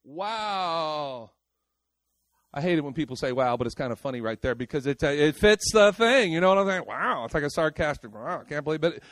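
A man preaching a sermon in a lively, casual way, swinging between loud outbursts and quiet asides and talking straight to the congregation. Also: fairly high pitch, moderate pace, dry recording.

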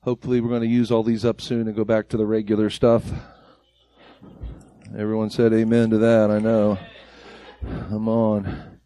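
A man's voice: on the low side, monotone, moderate pace, pauses often, warm tone, no echo. A man preaching a sermon to his church congregation, emphatic and impassioned, firing off rhetorical questions. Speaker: pastor. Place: church service before a congregation.

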